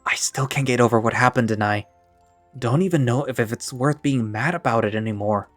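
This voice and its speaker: A man's voice: mid-range voice, a little fast, no room sound, soft background music, close to an everyday voice. A man voicing a guilt-ridden young man who speaks hesitantly and blames himself, in a one-man audio drama. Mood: guilty. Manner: hesitant, self-reproaching.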